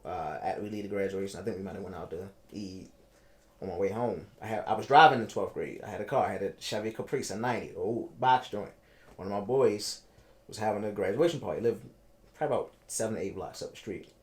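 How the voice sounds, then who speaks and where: A man, telling his own story in a casual interview, animated and repeating himself for emphasis. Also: lowish voice, fast talker. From Baltimore, United States. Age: 30s.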